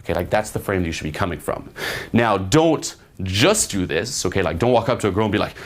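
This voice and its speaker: A man's voice: sits low, animated, quick pace. A man giving blunt, profane dating advice to camera, full of fillers and acted-out example lines. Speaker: dating coach. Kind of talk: instructional talk to camera.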